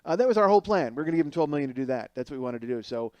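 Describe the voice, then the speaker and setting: A man's voice: a little high, animated, very fast, a little mellow, no echo. A man hosting a podcast, riffing in a rambling, sarcastic comic monologue full of restarts and asides. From Chicago area. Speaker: podcast host. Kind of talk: casual comedic monologue.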